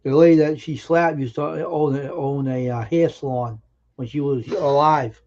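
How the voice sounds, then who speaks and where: A man with a dark, mellow voice tells stories on a live stream, earnest and emphatic, often pausing and restarting his sentences. The audio is dull and lo-fi. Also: fairly high pitch, steady tone. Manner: earnest, emphatic anecdote-telling with halting restarts. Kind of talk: casual storytelling on a live stream.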